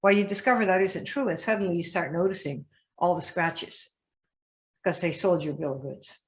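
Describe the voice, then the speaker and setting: A woman coaching a group in a lively live session, often asking her listeners questions and acting out the voices she quotes. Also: on the low side, moderate pace. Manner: emphatic, asks the audience questions, acts out quoted voices. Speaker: business coach.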